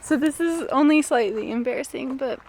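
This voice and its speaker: A woman's voice: high-pitched, fairly quick, crowd noise, poor audio. A woman in her late twenties chatting casually for her vlog outdoors at a forest campsite, rambling and giggly as she talks. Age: late 20s. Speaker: vlogger. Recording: outdoor recording with clear background noise.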